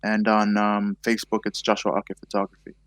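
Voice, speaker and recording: A man's voice: lowish voice, completely flat delivery, fairly quick, fairly bright tone, no room sound. Hesitant young man from Tonga chatting. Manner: hesitant, with frequent fillers. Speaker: podcast guest, filmmaker and photographer. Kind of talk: casual chat.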